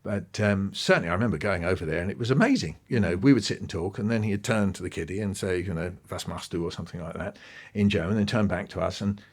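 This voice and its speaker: A man, a guest in a podcast interview, telling stories in an animated way with his pitch swinging up and down. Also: fast, hardly any pauses.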